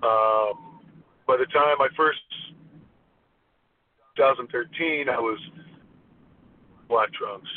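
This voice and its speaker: A man's voice: medium pitch, slow pace, pauses often. A man, a former wrestler, telling a story in an interview, rambling with frequent restarts. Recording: tinny phone line with faint hiss.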